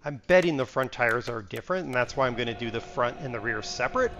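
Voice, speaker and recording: Brisk, with vocal fry and few pauses, this mid-range, slightly bright male voice belongs to a streamer rambling through a live gaming session. He talks to himself, mutters part numbers and chats casually with his viewers over slight background noise.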